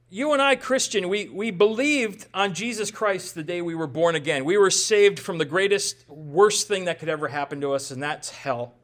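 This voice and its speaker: A man's voice: high voice, a bit bright. A male pastor preaching a sermon in a conversational way, with rhetorical questions and self-deprecating humor.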